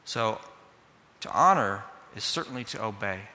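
A man's voice: lowish voice, lively intonation, moderate pace, pushed and bright, big-room sound. A man preaching a sermon, earnest and speaking directly to the children in the congregation. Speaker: pastor.

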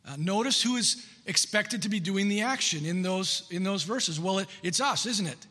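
A male preacher with a high, bright voice delivers an earnest sermon, leaning on key phrases and repeating them for emphasis. His words ring out with a long hall reverb trailing behind them. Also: expressive, moderate pace.

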